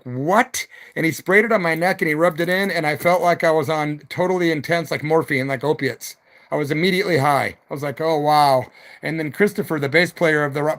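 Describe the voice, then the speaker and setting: A man's voice: a little high, a bit bright. Rambling rock musician, man, loose slang. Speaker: rock musician hosting a live chat. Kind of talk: rambling live-stream chat. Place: at home, evening live stream.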